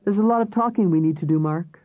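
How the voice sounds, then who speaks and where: A male narrator voicing a sharp-tongued woman medical examiner, lifting his pitch for her crisp retorts. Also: fast, no echo, close to an everyday voice. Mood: earnest. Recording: slightly dull audiobook recording.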